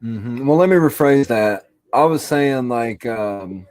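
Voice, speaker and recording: A man's voice: medium pitch, lively intonation, slow, a little mellow, no echo, poor audio. A stoned man from Alabama, rambling and swearing through a casual podcast chat. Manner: rambling, profane, laid-back storytelling. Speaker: podcast co-host.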